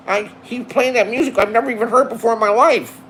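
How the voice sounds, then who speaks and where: A man's voice: very high-pitched, fairly bright tone, a little hiss or hum. Rambling, profane man in his sixties. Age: 60s. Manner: profane, reminiscing, loose and chatty. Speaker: vlogger. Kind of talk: casual rambling monologue. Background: music playing.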